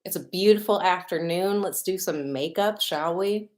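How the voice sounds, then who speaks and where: A woman's voice: lowish voice, normal speed. A young woman with a Chicago accent, a makeup artist chatting bubbly and casually as she hosts a livestream. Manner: bubbly and chatty, greets viewers by place. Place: home studio in Los Angeles.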